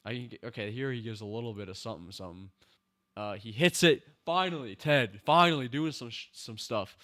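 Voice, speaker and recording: Exasperated male reviewer, casual rant into his own mic, mid-range voice. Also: mid-range voice. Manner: exasperated, animated ranting with slang. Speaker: show reviewer. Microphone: personal microphone.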